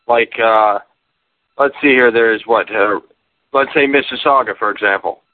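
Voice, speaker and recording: A man calling in, talking in a rambling, halting way with many fillers. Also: fairly low pitch. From Canada. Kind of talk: casual call-in chat. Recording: dry tinny phone line.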